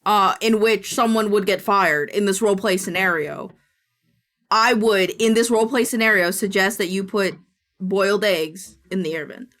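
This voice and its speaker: A woman's voice: mid-range voice, moderate pace, a bit bright. A woman streamer chatting casually while she works, muttering to herself and swearing now and then. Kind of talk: casual co-working stream chat.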